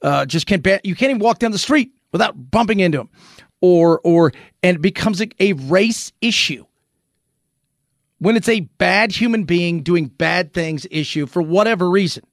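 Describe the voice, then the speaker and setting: A man hosting a commentary show, talking through the news in an animated, rhetorical way, often restarting his sentences. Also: high voice, normal speed, dry recording, clean studio sound.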